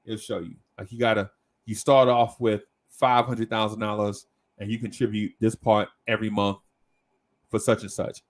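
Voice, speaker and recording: A man's voice: fairly low pitch, level tone, moderate pace. Give me a man in casual chat, storytelling with slang and lots of "right?" check-ins. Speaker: podcast host.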